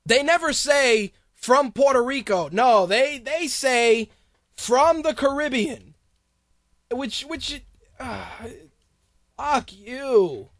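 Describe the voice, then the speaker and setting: A man's voice: extremely high pitch, animated, very slow, pauses often, fairly bright tone, no echo, clean studio sound. A man hosting a podcast, ranting in a profane, sarcastic way in a casual commentary style. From Hispanic background. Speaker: podcast host.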